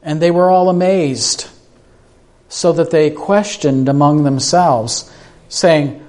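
A man's voice: on the high side, slow pace, a little mellow. A man preaching a sermon in a conversational way, asking his listeners questions and restarting his sentences as he talks off the cuff. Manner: repeats words and restarts when speaking off the cuff.

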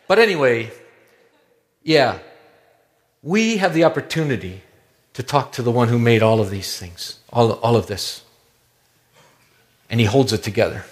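A man preaching a sermon in a conversational, wondering way, often dropping to a hushed low tone. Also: animated, slow pace, pauses often. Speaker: pastor.

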